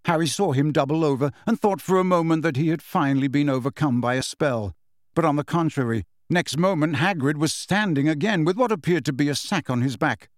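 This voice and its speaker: A man narrating a story in a measured storytelling manner. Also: a little high, dry recording, clean studio sound. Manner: measured storytelling with shifting character voices. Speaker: audiobook narrator. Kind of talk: scripted narration.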